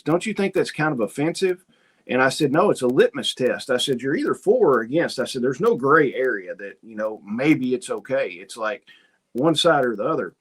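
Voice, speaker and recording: A man hosting a homesteading livestream, chatting casually, reading viewer comments and telling rambling, folksy stories. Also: medium pitch. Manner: rambling, folksy storytelling with quoted asides. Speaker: homesteading channel host.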